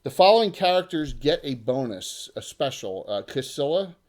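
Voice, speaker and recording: A middle-aged man acting as game master, explaining rulings in a relaxed, chatty way. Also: mid-range voice, normal speed. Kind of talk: running a tabletop game.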